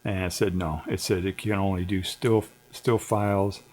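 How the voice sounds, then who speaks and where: A man's voice: sits low, fairly even intonation, normal speed, a little mellow. A middle-aged man hosting a livestream, chatting in a laid-back, digressive way with frequent chuckles. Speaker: livestream host. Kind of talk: casual rambling livestream chat.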